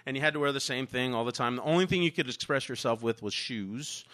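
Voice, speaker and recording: A man, a teacher, telling a personal story in a candid, animated way, swearing freely and laughing as he goes. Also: mid-range voice, fast talker.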